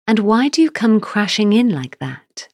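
A woman's voice: mid-range voice, big pitch swings, normal speed, darkish tone, no room sound, clean studio sound, voice pushed up. A woman voicing a stern elf king who questions an intruder sharply. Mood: indignant.

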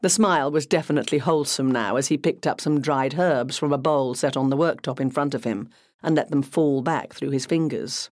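Measured audiobook narrator, dry sound. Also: medium pitch, no echo.

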